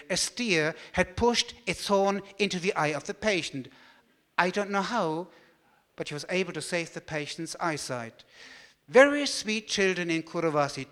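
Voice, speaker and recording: A man with a German accent telling a story as he gives a talk, lively and animated. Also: high-pitched, big-room sound. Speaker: speaker giving a talk.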